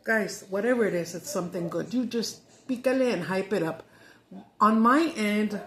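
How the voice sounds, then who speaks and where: A woman's voice: medium pitch, moderate pace, fairly bright tone. Roomy-sounding woman venting. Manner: frustrated, cussing, mixing Spanish and English. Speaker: mukbang vlogger. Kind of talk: casual chat while eating. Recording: roomy echo.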